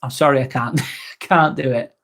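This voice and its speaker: A man with a gravelly, mid-range voice hosts a live vlog at a moderate pace, talking casually and reading comments from viewers. The mood is loose and talkative, peppered with ums and casual swearing.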